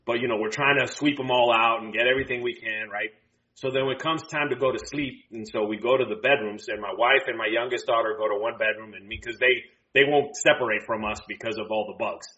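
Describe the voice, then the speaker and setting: A middle-aged man co-hosting a podcast, telling a rambling story in a relaxed, casual way. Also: mid-range voice, fast talker, highs cut off. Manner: relaxed, rambling storyteller who restarts phrases. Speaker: podcast co-host.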